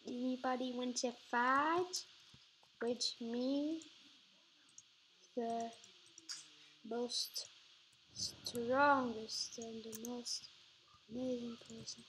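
High bright woman playing a game. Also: fairly even intonation, drawn-out words, long pauses, a little hiss or hum. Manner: playful, chatty, talking to herself while playing. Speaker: gaming channel host. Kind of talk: casual gameplay commentary.

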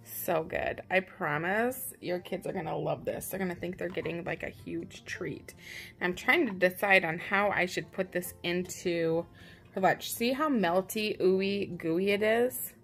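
A woman's voice: lowish voice, unhurried, fairly bright tone, faint music behind. A woman hosting her own vlog, chatting casually and upbeat with a self-teasing streak as she walks through a how-to in her home kitchen. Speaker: parent and vlog host.

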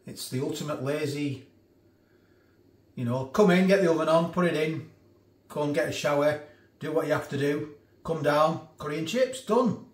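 A man's voice: a little high, moderate pace, long pauses. A man casually reviewing food for his vlog, chatty, often restarting and eating while he talks. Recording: echoey room from a distance.

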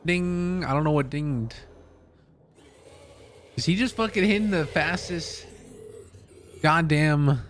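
A man's voice: fairly high pitch, slow, pauses often, a little hiss or hum. A young man streaming a game live, chatting, swearing a lot and yelping when startled. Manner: excitable, swears a lot, yelps in fright. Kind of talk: live gaming commentary.

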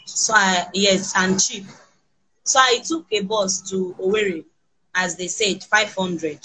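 A Nigerian woman with children recounts her ordeal in halting, restarting sentences. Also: mid-range voice, pushed and bright, breathy edge, low-quality recording. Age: adult with children. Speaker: kidnapping survivor interviewed.

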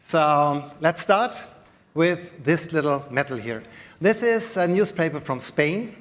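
A man with a German accent gives a live presentation to an audience, explaining slowly with many fillers and pauses. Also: fairly high pitch, lively intonation, fairly bright tone. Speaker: presenter at a conference. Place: large hall before an audience. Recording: long reverb of a large hall.

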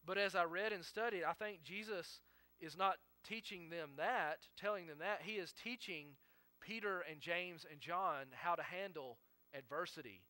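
A man's voice: fairly high pitch, measured pace, bright, forceful tone, no room sound. A male pastor preaching a sermon in an earnest way, acting out the quotes he reads and often correcting himself mid-sentence.

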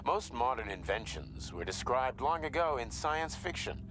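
A man's voice: medium pitch, very animated, moderate pace, fairly bright tone, slight background noise. An actor playing an older male game scientist who speaks with grand, theatrical conviction. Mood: grandiose. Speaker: game character.

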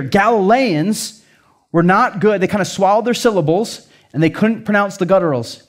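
A middle-aged pastor with an Upper Midwest American accent delivers a sermon in an earnest, conversational way, peppering his points with "like" and "right?". His voice sits somewhat high for a man. He sounds sincere and direct, as if talking with his congregation.

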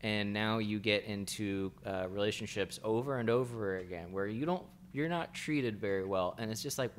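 A man's voice: lowish voice, normal speed, few pauses, a little hiss or hum. A man co-hosting a podcast in casual chat, rambling and searching for words with lots of fillers. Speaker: podcast co-host.

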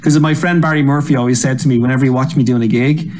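A middle-aged man, a comedian guest, telling lively stories and acting out quotes in a casual interview. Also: mid-range voice, fast. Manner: animated storyteller, acts out quotes with laughs.

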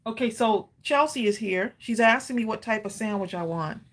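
A woman's voice: fairly high pitch, moderate pace, breathy edge. A woman hosting a casual live crafting stream at home, chatty and rambling with many ums and easy laughter. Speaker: livestream crafting host.

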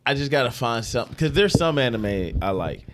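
A man co-hosting a podcast in casual chat, laughing often and talking in an animated, profane way. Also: mid-range voice, a little fast, noisy background. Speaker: podcast co-host.

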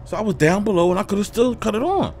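A young man commentating his own game play, excitable and swearing, shouting in panic at times. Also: high-pitched, fast, a little hiss or hum. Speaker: gaming streamer. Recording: game music behind. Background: game music.

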